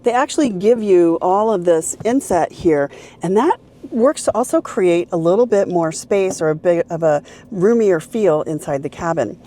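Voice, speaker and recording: A woman's voice: on the low side, lively intonation, normal speed, dark tone. A woman reviewing a car, walking through its features one by one in an upbeat, casual way. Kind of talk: casual car interior walkthrough.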